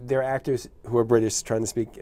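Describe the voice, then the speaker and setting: A man's voice: medium pitch, flat delivery, brisk, dark tone. A man in a casual chat as a guest, rambling from topic to topic and laughing often.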